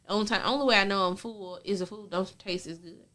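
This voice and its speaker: Woman, Southern US accent, chatty, frank, mid-pitched voice, casual talk. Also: steady tone, quick pace, a bit bright. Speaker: podcast co-host. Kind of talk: casual chat.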